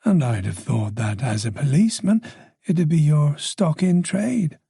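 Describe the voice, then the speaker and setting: A man's voice: a little high, lively intonation, gravelly, dark tone, husky, no echo, studio quality, full character voice. A man voicing a chatty, observant older woman with a faint Dublin accent, teasing and talking on in an audiobook. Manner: gossipy, teasing, talks on quickly.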